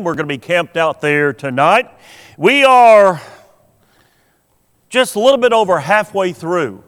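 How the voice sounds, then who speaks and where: A man's voice: high-pitched, fairly bright tone, smooth. A man preaching a sermon as pastor, telling stories and asking the congregation questions. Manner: storytelling, asks the congregation questions. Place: church sanctuary. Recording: long hall reverb of a church.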